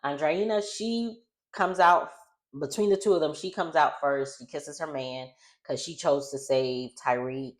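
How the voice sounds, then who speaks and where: A woman talks through a reality show episode in a loose, chatty recap. Her voice sits very low for a woman, and she rambles and corrects herself as she goes. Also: unhurried. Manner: chatty, rambling, self-correcting, laughs often. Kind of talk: casual recap chat.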